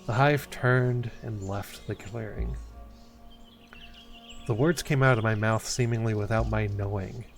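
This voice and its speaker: A man's voice: lowish voice, steady tone, unhurried, soft background music. A man streaming a narrative game, reading the story text aloud expressively, with stumbles and asides.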